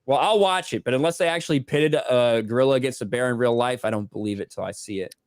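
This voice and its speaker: A man's voice: mid-range voice, quick pace, dry recording, studio quality. Man reading donations on a livestream. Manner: reads donations aloud, swears offhandedly. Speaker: livestream co-host reading superchats. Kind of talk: casual livestream chat.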